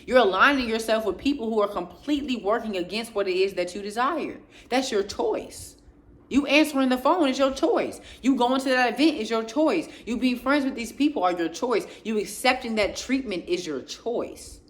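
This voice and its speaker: A woman's voice: on the high side, lively intonation, moderate pace. Passionate woman preaching self-worth. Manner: preachy, emphatic, repeats phrases in rhythmic lists; speaks passionately, getting louder, then drops quieter. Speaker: faith and self-growth speaker. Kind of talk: motivational talk to camera.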